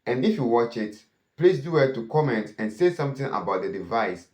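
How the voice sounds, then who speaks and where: A man's voice: medium pitch, very animated, fairly quick, darkish tone. A man hosting a cyber safety channel, warning viewers and often posing "what?" questions that he answers himself. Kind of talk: warning talk to camera. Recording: echoey room.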